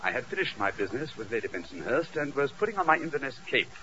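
A man's voice: mid-range voice, sing-song, fast, highs cut off, voice pushed down, close to an everyday voice. A man voicing a pompous middle-aged English barrister who narrates in a plummy, melodramatic way, on a hissy old radio recording.

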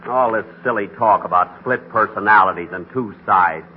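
A man's voice: lowish voice, moderate pace, slight background noise, natural voice. A man starring in a 1940s radio comedy, talking in an exasperated, bickering way. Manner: exasperated, arguing with himself. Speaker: comedy star of the show. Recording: lo-fi old radio broadcast.

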